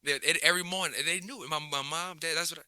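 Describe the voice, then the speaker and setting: A man's voice: a little high, racing, clear, resonant tone, no echo. Laid-back man rambling with restarts. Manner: relaxed, rambling, many restarts and slang. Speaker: basketball coach, guest. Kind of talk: casual interview chat.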